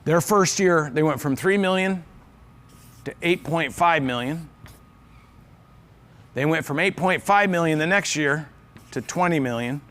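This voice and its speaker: A man with a voice a bit higher than most men's delivers a motivational talk to a live audience. He hammers his points with repetition and sounds earnest and sincere. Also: unhurried, pauses often, fairly bright tone. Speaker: business speaker. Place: event stage with live audience.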